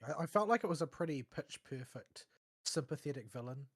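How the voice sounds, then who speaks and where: A man on a casual gaming podcast, speaking in a measured, articulate way. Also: a little high, lively intonation. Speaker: podcast co-host.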